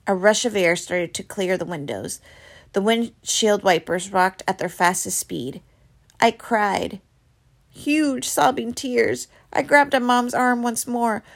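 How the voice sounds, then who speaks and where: A woman reading a novel aloud, with dramatic storytelling that turns soft and hushed in quiet passages. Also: mid-range voice, creaky. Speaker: reader.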